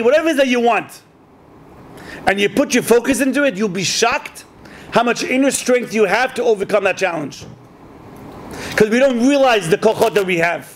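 A rabbi giving a sermon, telling stories in a lively way, acting out the people in them, and using Hebrew religious terms. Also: male voice, high-pitched, a little hiss or hum. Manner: animated storyteller who acts out quoted speech. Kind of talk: sermon to a community audience.

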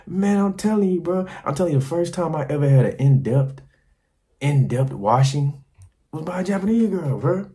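A man vlogging to camera, telling crude, rambling stories in an animated, casual way. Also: a little high, normal speed. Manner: animated, crude and rambling, slipping into quoted voices. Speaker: travel vlogger.

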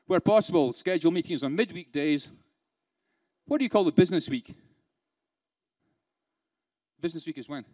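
A British man delivers a conference keynote in a chatty way, firing rhetorical questions at the room and slipping into dry sarcasm. His voice sits a little high for a man and sounds close and dry. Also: animated, normal speed, pauses often, darkish tone, no room sound. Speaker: keynote speaker.

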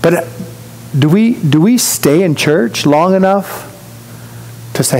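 Storytelling pastor with a slightly high voice. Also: male voice, animated, takes it slowly, pauses often, darkish tone, slight background noise, low-quality recording. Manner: conversational storytelling, acts out quoted voices. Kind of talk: sermon. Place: church.

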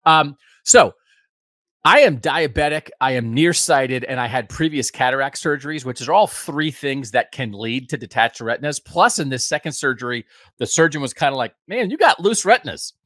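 A man's voice: medium pitch, normal speed, a bit bright, no echo, clean studio sound. A man in his fifties, a podcast host giving a casual, rambling, self-deprecating update from home. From United States. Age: 50s.

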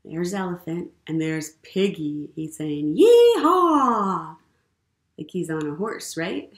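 A woman leading a storytime for young children as a librarian, gentle and encouraging, often asking the kids questions. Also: deep voice, fairly even intonation, a little slow. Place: public library program room. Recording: roomy room echo.

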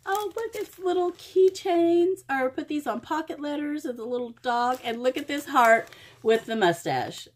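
A woman's voice: high voice, expressive, moderate pace. A middle-aged woman from Oklahoma gushing over craft supplies in an unboxing vlog, exclaiming often. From Oklahoma, USA. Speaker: crafting vlogger. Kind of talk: happy mail unboxing vlog.

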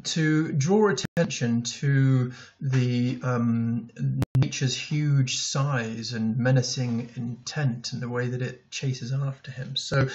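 A man's voice: mid-range voice, creaky, a little mellow, highs cut off. A male teacher talking through a poem in a recorded lesson, thinking aloud as he writes notes, with many ums and restarts.

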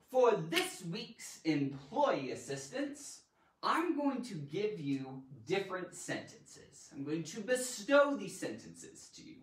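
A man hosting a live online grammar lesson in a playful, animated way, tossing in silly sound effects. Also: high voice. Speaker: grammar teacher and show host. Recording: roomy echo, mic at a distance.

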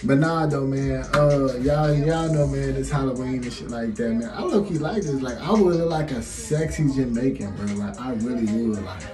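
A man's voice: medium pitch, normal speed, few pauses. Chill dude in his 20s telling a story, lots of fillers, faint music going. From Chicago. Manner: laid-back and slangy, full of fillers. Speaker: vlogger. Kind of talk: casual storytelling. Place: small bathroom. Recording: echoey bathroom, faint music.

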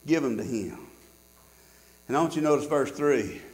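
A man preaching a sermon as pastor, swinging from loud shouts to hushed tones. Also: medium pitch, expressive, moderate pace. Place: church. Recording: echoey church sanctuary.

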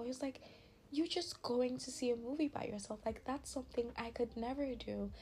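A woman's voice: high-pitched, a little mellow, a little hiss or hum. A young adult woman hosting a casual advice chat, upbeat and chatty, often saying "like" and acting out quoted dialogue. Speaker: podcast host.

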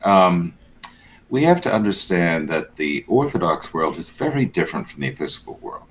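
A man's voice: sits low, big pitch swings, normal speed, a little hiss or hum. A man co-hosting a church news show, giving blunt, sardonic commentary in casual banter.

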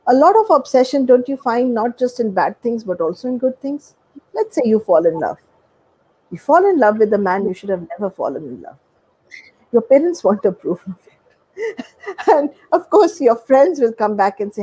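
A woman's voice: fairly high pitch, very animated, moderate pace, warm tone, slightly rough, low-quality recording. A woman, a doctor and guest expert, explaining in a conversational way and acting out everyday examples. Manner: explanatory, acts out examples with quoted voices.

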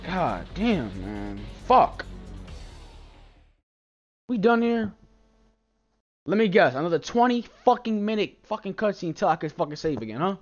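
Young man gaming, profane frustrated ranting, lively swinging pitch, faint game music. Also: unhurried, long pauses, lo-fi sound. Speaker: gamer. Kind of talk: let's play commentary.

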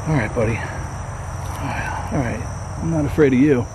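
A man's voice: mid-range voice, quick pace, noisy background. Scared man vlogging a night ghost hunt. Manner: jittery, muttering to himself, calling out into the dark. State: frightened and shaky. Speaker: paranormal vlogger. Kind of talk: nervous solo ghost-hunt vlog. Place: abandoned trailer at night, indoors and out. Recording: night insects and crickets clearly audible.

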